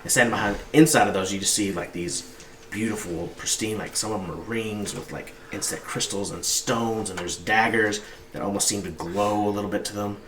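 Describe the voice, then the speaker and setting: A man's voice: lowish voice, a little fast. A man narrating as game master in a tabletop game, describing scenes loosely with many fillers. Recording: roomy, distant mic, background noise.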